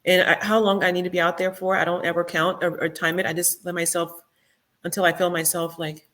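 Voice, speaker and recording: A middle-aged woman talking as a podcast guest in a casual interview, reflective and soft-spoken, with many fillers. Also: fairly low pitch, level tone, fairly quick.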